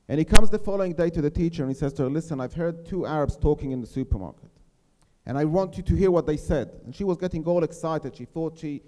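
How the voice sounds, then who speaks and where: A middle-aged man on a panel speaking earnestly to a live audience, slowing down to press his key points. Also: on the high side, darkish tone. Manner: earnest, persuasive, slows to stress key points. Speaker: settlement mayor on a panel. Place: lecture hall. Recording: reverberant hall.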